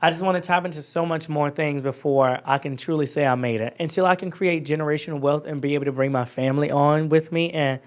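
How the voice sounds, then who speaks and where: A young man from Georgia chatting easily as a podcast guest. His voice sits fairly high for a man. He stays relaxed and drops casual swears. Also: fast talker, hardly any pauses. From Georgia, USA. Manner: laid-back, swears casually.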